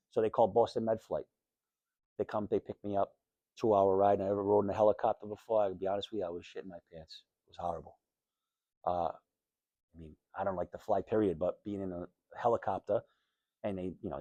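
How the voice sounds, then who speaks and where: A man with a fairly low voice tells his own story to a school class in a candid, everyday way. The sound is dry and close, with little room around it. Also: warm tone, no echo, lo-fi sound. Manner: candid storytelling, plain and conversational. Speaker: guest speaker telling his life story. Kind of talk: personal talk to high school students.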